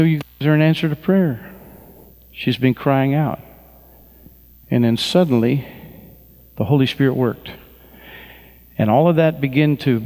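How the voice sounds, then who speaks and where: A man preaching a sermon, telling stories with fervent, lively delivery and leading the congregation in prayer. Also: medium pitch, in a large hall. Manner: fervent preaching, acts out voices of people he describes; slow, drawn-out prayer at the close. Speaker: pastor.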